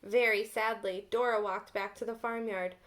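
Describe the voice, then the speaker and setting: A woman reading a storybook aloud to children as a teacher, gently pausing to ask them questions. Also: mid-range voice, fairly even intonation.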